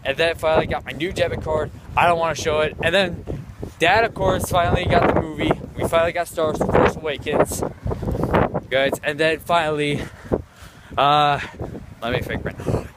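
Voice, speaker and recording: A man telling a meandering story into his phone while outside in the cold, leaning on "of course" in nearly every sentence. His voice sits a little higher than most men's. Heavy wind roars across the mic the whole time. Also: fairly even intonation, normal speed. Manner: rambling, constantly repeats "of course". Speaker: vlogger. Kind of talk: casual rambling story vlog. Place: outdoors in the cold, walking. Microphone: handheld phone.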